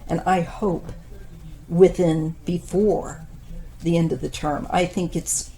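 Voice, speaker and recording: Woman, 50s, tarot reader; low, dark, slow delivery with fillers, voice fading, faint background noise. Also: fairly even intonation. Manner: unhurried, thoughtful, with frequent pauses and fillers. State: losing her voice. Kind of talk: casual tarot reading monologue.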